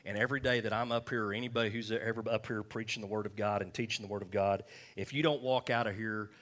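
Low-voiced male pastor preaching. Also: fairly even intonation, fast talker, fairly bright tone. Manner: repetitive preaching, frequent "all right?" checks. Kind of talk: sermon. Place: church.

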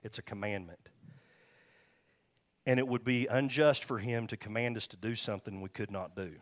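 Low-voiced pastor preaching conversationally. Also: male voice, steady tone, moderate pace. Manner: conversational storytelling with chuckles. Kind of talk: sermon. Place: church.

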